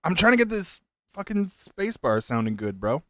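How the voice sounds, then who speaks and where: A man's voice: a little high, big pitch swings, normal speed, dry recording. A man in young adulthood chatting casually with viewers while building a keyboard, laid-back and joking, laughing often. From United States.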